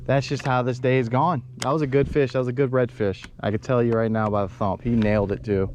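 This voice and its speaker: A man's voice: mid-range voice, fairly even intonation, a little fast, darkish tone, highs cut off, slight background noise. A man, vlogging while fishing from a boat in a marsh, rambling and frustrated as he talks to viewers. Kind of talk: casual outdoor fishing vlog.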